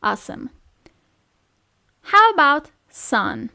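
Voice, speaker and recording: A young woman with an Italian accent teaching a beginner lesson, repeating each word slowly and checking in with "ok?". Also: a little high, very animated, vocal fry, bright, forceful tone, no room sound, studio quality. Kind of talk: slow, clear language lesson.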